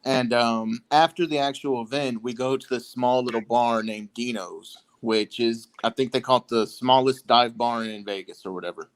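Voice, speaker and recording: A man co-hosting a casual podcast, telling a story in an animated way. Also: mid-range voice, normal speed, hardly any pauses. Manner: animated storyteller, puts on voices for quoted people. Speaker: podcast co-host.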